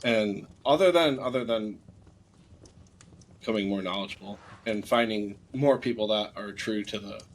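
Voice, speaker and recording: A man co-hosting a casual podcast, meandering and often restarting and correcting himself, blunt and quick to swear when something annoys him. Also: fairly low pitch, a little hiss or hum, low-quality recording. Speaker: podcast co-host.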